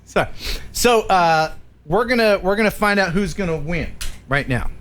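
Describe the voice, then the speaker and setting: A man's voice: high-pitched, expressive, moderate pace, fairly bright tone, a little hiss or hum. An American man hosting a casual live stream, reading out viewer jokes and laughing often.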